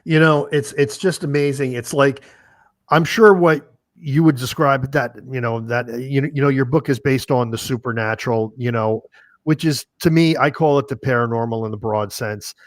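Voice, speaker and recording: A man's voice: mid-range voice, normal speed, no room sound. A man hosting a podcast, reacting and asking questions in a rambling way full of fillers. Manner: rambling, many fillers like "you know". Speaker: podcast host. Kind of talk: interview chat.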